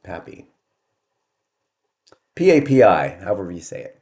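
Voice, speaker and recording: Older man in his 60s, deep voice with lively swings, chatty wry vlog host. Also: fast. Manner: chatty, wry, self-deprecating storyteller. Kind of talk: casual monologue to camera.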